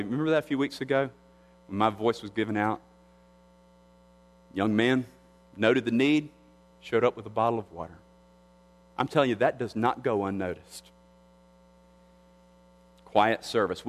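A male pastor preaching a sermon with emphasis, repeating phrases and lifting his pitch on key words. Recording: long hall reverb.

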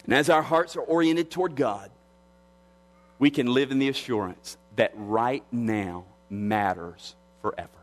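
Emphatic male pastor in a reverberant hall. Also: a little slow. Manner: emphatic preacher, repeats phrases, pitch rises on key words. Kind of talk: sermon.

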